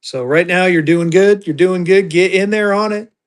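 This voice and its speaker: Man, a bit higher-pitched than most, as a chatty live-auction seller who thinks aloud and calls his viewers y'all. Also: normal speed, clean tone. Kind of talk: casual live-sale chatter.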